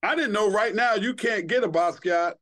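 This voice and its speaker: This former TV host from Queens, New York, a middle-aged man appearing as a podcast guest, has a high-pitched voice at a normal speed. His casual storytelling is animated and full of profanity, with quotes acted out.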